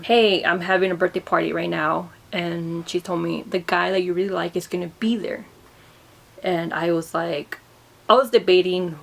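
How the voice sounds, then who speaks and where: Emotional young woman telling a personal story. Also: lowish voice. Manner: emotional, halting, repeats words. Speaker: vlogger.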